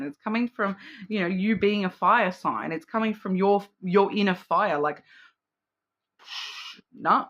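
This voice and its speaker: This is a woman doing a relaxed card reading, with a bright, clear tone. She rambles, restarts her sentences and fills gaps with ums and you-knows. Her delivery stays chatty and loose, as if she is talking to a friend. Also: mid-range voice, lo-fi sound. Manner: chatty and rambling, with frequent fillers, self-restarts and laughs; acts out playful quoted voices. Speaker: card reader. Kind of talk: casual intuitive card reading to camera.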